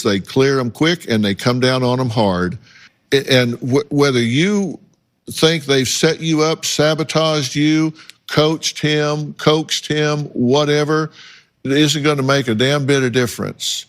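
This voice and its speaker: A man hosting a TV talk show, lecturing a guest bluntly with slow, emphatic delivery. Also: on the high side.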